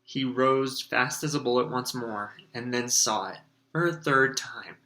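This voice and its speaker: A man, a teacher, reading a storybook aloud in a lively, expressive way. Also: mid-range voice, measured pace.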